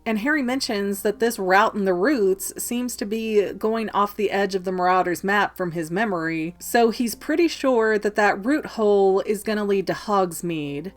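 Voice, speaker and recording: A woman hosting a book club vlog, casually recapping a chapter with lively storytelling that slips into quick character voices. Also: mid-range voice.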